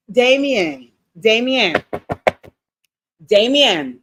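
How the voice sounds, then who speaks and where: A woman giving a casual recap of a TV episode, animated and blunt, swearing freely and talking straight to her viewers. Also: mid-range voice, takes it slowly, long pauses, breathy edge. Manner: animated, blunt and profane, addressing viewers directly. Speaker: TV show recap streamer. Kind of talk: casual show recap commentary.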